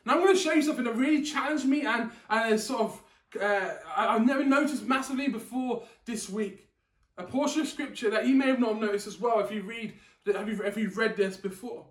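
A man's voice: very high voice, brisk. A man preaching a sermon in a conversational way, restarting words and asking the audience questions, in a church hall. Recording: echoey room, distant mic.

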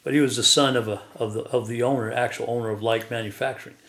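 A man's voice: mid-range voice, steady tone, fast, fairly bright tone. Chuckling man telling a long story. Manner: chuckles often while telling stories. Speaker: guest telling his life story. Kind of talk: rambling personal storytelling. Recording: echoey room.

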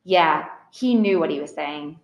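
A woman's voice: sits low, measured pace. A woman narrating an audiobook in the first person, plain and earnest. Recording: roomy echo.

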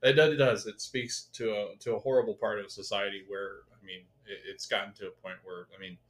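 A man's voice: fairly low pitch, fairly quick. A man co-hosting a podcast, eagerly retelling scenes from a TV episode and acting out the characters' lines. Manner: animated, retells scenes, acts out quotes. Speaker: podcast co-host. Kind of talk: casual chat recapping a TV episode.

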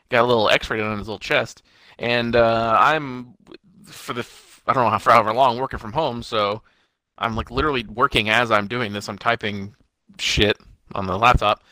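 A man's voice: mid-range voice, sharp tone, no room sound. A young man co-hosting a podcast from home, rambling and swearing in casual chat. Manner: swearing, laid-back rambling. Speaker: podcast co-host.

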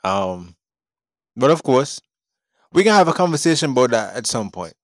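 A man's voice: medium pitch, big pitch swings, normal speed, dry recording, clean studio sound. A man co-hosting a casual podcast chat, upbeat, easygoing and affirming. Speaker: podcast co-host.

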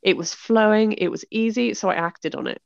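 A chatty British woman with a gravelly, slightly fried edge to her voice talks through a casual conversation, laughing often and acting out the reactions she quotes. The sound is dry and a little dull. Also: mid-range voice, fairly quick, no echo. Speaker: author and podcast host. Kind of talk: casual chat.

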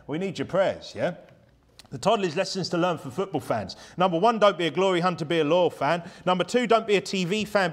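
A man delivers a sermon in a church, his fairly high voice rising and falling with lots of movement. He speaks to the congregation casually and often ends his points with rhetorical questions. The delivery is animated and chatty. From United Kingdom. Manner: conversational, rhetorical tag questions, lively. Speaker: preacher. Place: church hall.

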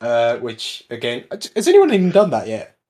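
A man's voice: mid-range voice, huge pitch swings, normal speed, darkish tone. Rambling young man in casual chat. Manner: rambling, self-correcting, chatty. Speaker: podcast host.

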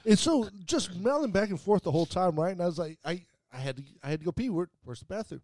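A man hosting a radio show, telling profane, animated anecdotes in casual chat. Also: high voice, quick pace, no echo.

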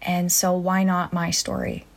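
A young adult woman hosting a reflective solo podcast, soft-spoken and earnest, pausing often. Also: on the low side, completely flat delivery. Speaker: podcast host.

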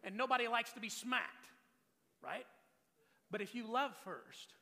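Man preaching a sermon, gravelly voice, emphatic, rhetorical questions, long hall reverb. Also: high voice, expressive, a little slow, pauses often, bright, forceful tone. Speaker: pastor.

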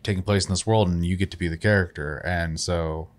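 A man co-hosting a casual gaming podcast, speaking haltingly with many fillers. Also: low voice, steady tone. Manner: hesitant, many fillers and restarts, chuckles. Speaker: podcast co-host. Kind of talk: casual chat.

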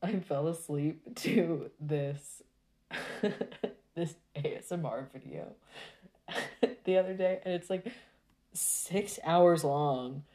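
A woman chats casually with her viewers, going off on a rambling, exasperated rant full of halting restarts. Her voice sits low and sounds mellow.

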